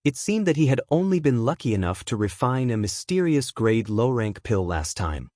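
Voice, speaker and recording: Steady male audiobook narrator, dry sound. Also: medium pitch, moderate pace, dry recording. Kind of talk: scripted narration.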